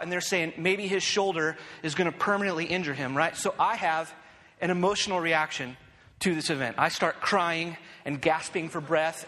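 In a large hall, a man whose voice sits high starts a sermon by recounting a personal story. He's lively and pokes fun at himself, often pausing to ask "right?"

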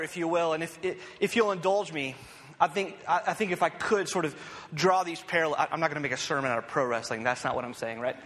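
A man telling a personal story as he opens a sermon, animated and self-deprecating, often checking in with "right?". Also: on the high side, long reverb tail.

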